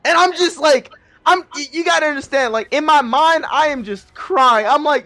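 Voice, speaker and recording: Young guy in his twenties, very high voice, animated storyteller who swears and laughs a lot over a headset. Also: moderate pace, dry recording. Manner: animated, laughs often, swears freely, acts out quotes. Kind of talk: casual storytelling over game voice chat.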